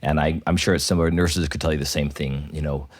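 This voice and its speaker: A man's voice: extremely low pitch, steady tone, quick pace, dry recording, clean studio sound. A man, a priest co-hosting a podcast, talking reflectively with frequent repeated starts. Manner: thoughtful, with many repeated starts.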